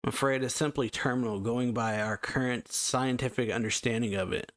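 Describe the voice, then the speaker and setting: A man's voice: medium pitch, steady tone, brisk, fairly bright tone, no room sound, clean studio sound, natural voice. A man reading the lines of a blunt, grave doctor delivering bad news.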